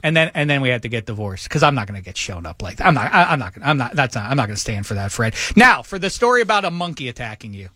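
A middle-aged man co-hosting a sports radio show, telling a lively anecdote and acting out the quotes in it. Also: medium pitch, rapid-fire, hardly any pauses, dry recording, clean studio sound. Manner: animated anecdote teller, acts out quotes. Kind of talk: radio banter, storytelling. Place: radio studio. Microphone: studio microphone.

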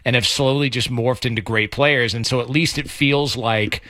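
A male sports radio co-host with a bright, forceful voice, recorded dry and close in a studio. He talks in long, rambling, conversational sentences. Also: medium pitch, steady tone, normal speed, dry recording.

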